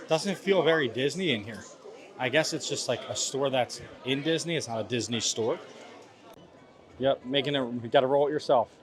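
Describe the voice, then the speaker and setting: Young guy vlogging festival food outside, mid voice, dramatic and jokey about being heartbroken. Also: mid-range voice. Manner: dramatic, playful complaining. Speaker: vlog host. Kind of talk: casual food review vlog. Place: outdoors at a theme park festival.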